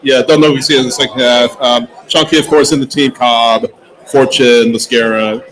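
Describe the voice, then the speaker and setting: A man's voice: medium pitch, fairly even intonation, a little fast, a bit bright, low-quality recording. A man with a mid-range voice gives team news on a live soccer prematch show. He talks loosely, with fillers and small laughs between names. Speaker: podcast co-host giving team news.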